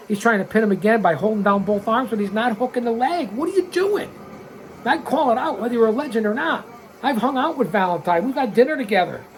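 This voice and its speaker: A man in his sixties giving excitable, blunt, profane wrestling commentary as a watch-along host, calling out mistakes. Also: high-pitched, fast. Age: 60s.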